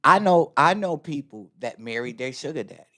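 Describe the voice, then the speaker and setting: Profane, animated man podcast host. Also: fairly high pitch, a little fast. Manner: profane, animated storyteller who acts out quotes. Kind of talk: casual podcast chat.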